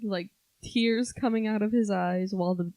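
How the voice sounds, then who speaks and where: A woman's voice: mid-range voice, fairly even intonation, mellow, no echo. This is a young woman in casual podcast chat with a mid-range voice. She talks in a chatty, sympathetic way and chimes in easily. Her voice sounds close and dry. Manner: chatty, sympathetic, quick to laugh along. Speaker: podcast co-host.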